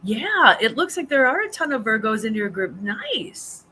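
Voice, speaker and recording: A middle-aged woman hosts a live chat stream from home, rambling, laughing often, and restarting sentences while reading comments aloud. Her slightly high voice is bright and lively at a moderate pace, with faint room hiss behind it.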